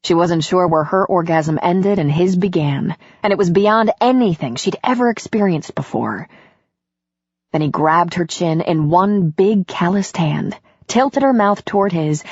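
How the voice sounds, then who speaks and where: A woman narrates a romance audiobook in a slow, intimate reading. Her voice sits low and husky, close and dry. The recording has a dull, lo-fi sound. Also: a little mellow, no echo.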